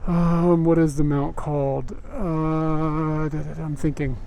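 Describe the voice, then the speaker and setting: A rambling, chatty young man talks over a mic inside his helmet, his voice a touch high yet mellow in tone. Faint city traffic hums behind him as he rides at night. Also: flat delivery, a little slow, vocal fry. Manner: rambling and chatty, many fillers, laughs easily. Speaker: livestreamer. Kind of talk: casual live-stream chat while riding. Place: outdoors on a motorbike at night in city streets. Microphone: helmet-mounted mic.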